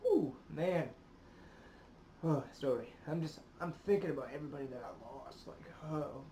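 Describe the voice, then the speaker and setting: A man hosting a casual reaction video, choked up and emotional, talking haltingly between heavy sighing exhales and swearing. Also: medium pitch, warm tone, slight background noise. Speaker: YouTube reaction host. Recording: roomy echo.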